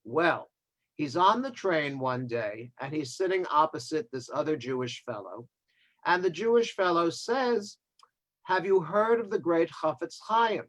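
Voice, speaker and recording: A man's voice: fairly high pitch, fairly bright tone, rough recording. A man giving a sermon as a rabbi, telling a story with wry joking asides over a video call.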